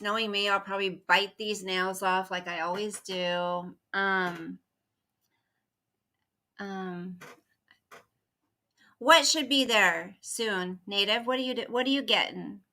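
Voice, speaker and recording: Rambling through a story on a casual livestream, a middle-aged woman welcomes viewers by name as they show up. Her mid-range voice is bright and forceful.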